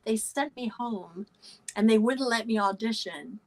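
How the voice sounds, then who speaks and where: A woman's voice: a little high, measured pace, rough recording. Chatty middle-aged American woman storyteller. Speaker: podcast guest, voice actor and singer. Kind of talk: casual chat.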